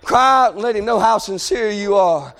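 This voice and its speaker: A man delivers a fervent sermon in a very high voice. He moves between shouted pleading and low, quiet talk. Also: moderate pace. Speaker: preacher.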